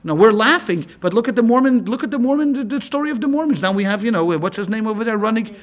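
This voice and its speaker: A male rabbi giving a lecture to a class in a lively, conversational way, with frequent restarts. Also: sits high, quick pace. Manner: animated and conversational, with many restarts. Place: class with a live audience.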